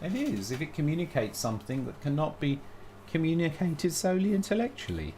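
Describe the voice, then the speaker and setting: A man's voice: a little high, very animated, brisk, warm tone, a little hiss or hum. A man talking casually on a live stream, thinking aloud with many restarts and blunt opinions. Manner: thinks aloud, frequent restarts and self-corrections.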